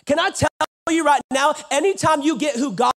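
A man preaching a sermon from West Texas, swinging from loud lines to hushed ones. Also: very high-pitched, fairly quick. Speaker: pastor. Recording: church.

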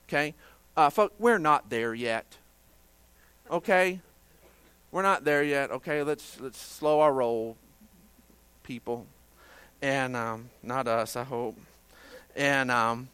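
A male pastor preaching a sermon conversationally, moving from hushed, quiet stretches to fervent, raised passages, with dry sarcastic asides. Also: medium pitch, a little slow, clear, resonant tone, dry recording.

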